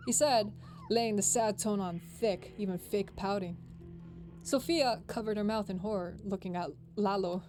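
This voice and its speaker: A woman's voice: mid-range voice, measured pace, dark tone, soft background music. A young woman streamer reading a visual novel aloud, playful, laughing and voicing the characters. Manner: playful, laughs a lot, does character voices.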